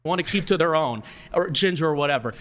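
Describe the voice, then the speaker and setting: A man taking part in a debate, talking in a halting, hedging, rambling way. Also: on the high side, lively intonation, a bit bright. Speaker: audience participant in debate.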